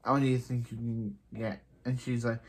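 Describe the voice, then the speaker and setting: A man's voice: medium pitch, level tone, moderate pace. A man recapping a TV episode in a casual, rambling way, with many restarts and filler words. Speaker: show reviewer.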